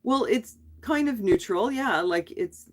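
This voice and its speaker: A woman's voice: fairly high pitch, lively intonation, unhurried, a little mellow. Frustrated woman venting on a live stream. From Canada. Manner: frustrated, venting, rambling with many restarts. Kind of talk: casual live stream chat.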